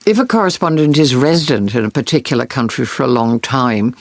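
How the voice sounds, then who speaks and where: A woman's voice: a bass voice, expressive, fairly quick, no echo. A woman war correspondent earnestly recounting vivid experiences in an interview. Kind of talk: interview storytelling.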